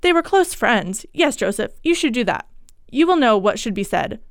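A woman's voice: fairly high pitch, sing-song, normal speed, no echo, studio quality. A woman voicing a stern older mother in a period ghost story, urgent and commanding. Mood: musing.

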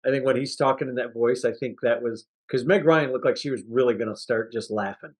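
A man's voice: mid-range voice, a little fast, husky. A man co-hosting a movie review podcast, chatting casually and acting out scenes from the film with laughter. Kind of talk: casual chat.

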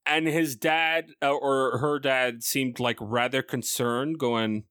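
A man co-hosting a podcast, telling a story in animated casual chat and swearing freely. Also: mid-range voice, slow, hardly any pauses, clear, resonant tone, no room sound, studio quality. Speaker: podcast co-host.

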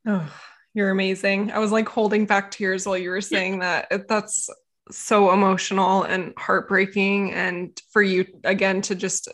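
A woman's voice: medium pitch, fairly bright tone. Sympathetic woman podcast host. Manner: sympathetic, loose questions with many likes. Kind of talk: casual interview.

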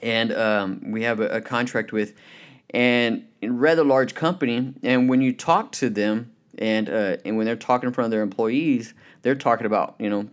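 Speaking at a mid-range pitch, a man gives a motivational Christian talk in an earnest, conversational way. He leans on "you know" fillers and tells anecdotes, bringing them to life with quick, lively acted voices.

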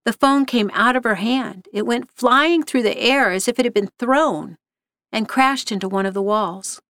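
A woman reading a scripted story aloud in an even, measured way. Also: a little high, no room sound, clean studio sound. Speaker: narrator.

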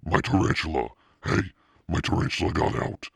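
A loud, mischievous schoolboy prankster, as a man reading the book puts him on. He shouts and teases, pushed up a little from a very deep, gravelly voice. The sound is close and dry. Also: normal speed, dry recording, exaggerated voice. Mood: shouting. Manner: shouting, teasing. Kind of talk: audiobook reading.

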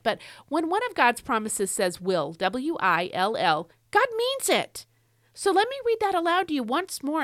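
A woman's voice: medium pitch, a bit bright, dry recording. A woman hosting a devotional podcast, teaching Scripture in an earnest, emphatic way and repeating her key phrases. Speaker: podcast host.

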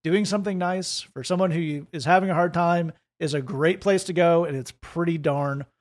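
Brief: wry male podcast host, high voice, easygoing jokes. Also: normal speed. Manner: wry, joking, relaxed delivery. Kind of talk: casual faith podcast chat.

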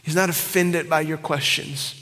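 A man preaching in a church with a slightly high voice, pushing hard on emphatic lines and then dropping to near-whispers. His words ring out with a long hall reverb behind them. He works the room like a pastor. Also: fairly even intonation, normal speed. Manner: swings between loud emphatic cries and hushed whispers. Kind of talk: sermon. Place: church sanctuary.

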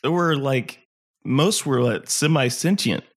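A man's voice: medium pitch, unhurried. A young adult man co-hosting a podcast, playful and teasing, laughing often in casual chat. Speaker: podcast co-host.

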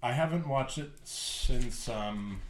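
A medium-pitched man speaks slowly in a roomy-sounding space with slight background noise. Co-hosting a podcast, he chats casually and enthusiastically, rambling and using lots of fillers.

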